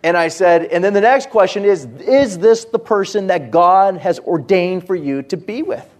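A pastor preaching a sermon in a conversational way, with asides and quoted voices. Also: male voice, high voice, moderate pace.

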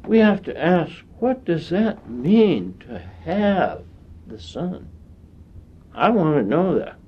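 A man preaching a sermon in a slow, deliberate way, with long pauses between phrases. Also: fairly high pitch, sing-song, husky. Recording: dull lo-fi sound.

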